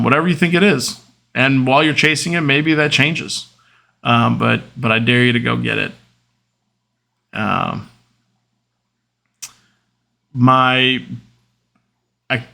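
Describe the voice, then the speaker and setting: With a gravelly, pushed, and bright mid-range voice, a man in his thirties rambles through personal stories on his podcast. The casual monologue is open and emotional, packed with fillers and false starts.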